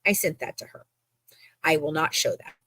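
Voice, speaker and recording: A woman's voice: sits low, moderate pace, a bit bright, no echo. A woman from the United States co-hosting a live stream, retelling a heated online feud with profanity and sarcasm. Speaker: livestream co-host. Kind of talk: casual storytelling on a live stream.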